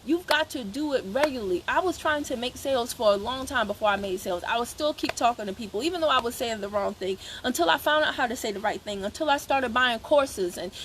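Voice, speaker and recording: This network marketing seller from Savannah, Georgia speaks in a high voice, with slight background noise behind her. She is coaching her team over a live stream, and the talk is emphatic, repetitive and motivational. She chats freely and throws in asides to the people watching.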